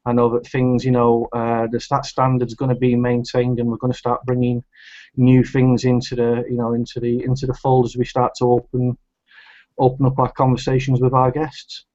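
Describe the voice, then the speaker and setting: A man from the United Kingdom co-hosting an interview show, measured and reflective, with some fillers. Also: mid-range voice, completely flat delivery, darkish tone, no echo. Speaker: co-host. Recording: dull lo-fi audio.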